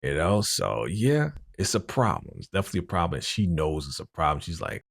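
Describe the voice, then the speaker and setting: Gravelly low-voiced man recapping a show. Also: a little fast, few pauses, no room sound, clean studio sound. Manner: animated, slangy, keeps saying "you know". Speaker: TV episode reaction host. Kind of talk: casual recap chat.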